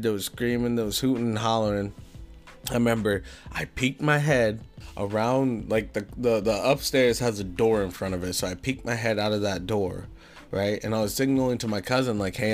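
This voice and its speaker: A young man telling a story from his own life in a casual, animated way, swearing often and using slang. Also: mid-range voice. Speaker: podcast host.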